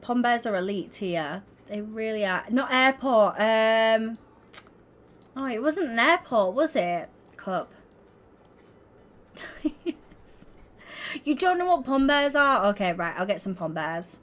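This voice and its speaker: A woman's voice: on the high side, lively intonation, slow, long pauses, a bit bright. A young woman streaming, chatting casually and giggling as she talks to her viewers. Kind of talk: casual livestream chat while gaming.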